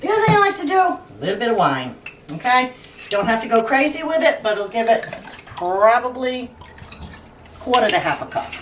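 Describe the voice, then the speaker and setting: A woman's voice: fairly high pitch, very animated, brisk, a little hiss or hum. A woman hosting a home cooking demonstration, chatting in a casual, joking way as she cooks. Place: home kitchen. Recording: echoey kitchen, mic at a distance, cooking clatter.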